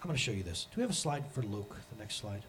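A man in his thirties preaching a sermon as pastor, animated and acting out the voices he quotes. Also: fairly low pitch, racing, slight background noise.

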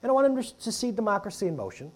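A man's voice: sits high, racing, breathy edge. Guy in his 30s giving a sermon, chatty and jokey, voice swings up and down a lot. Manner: conversational, jokey, animated preaching. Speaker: pastor.

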